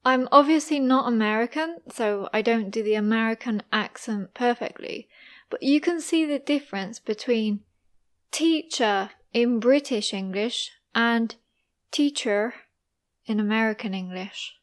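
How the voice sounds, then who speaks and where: A woman teaching a pronunciation lesson, saying example words one by one, slowly and deliberately, with pauses between them. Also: fairly high pitch. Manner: slow, deliberate, pausing after each example word. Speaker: English teacher.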